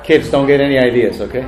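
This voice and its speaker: A man's voice: medium pitch, slight background noise. A man acting as master of ceremonies at a banquet, telling jokes in a chatty, self-deprecating way and laughing at his own punchlines. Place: banquet hall.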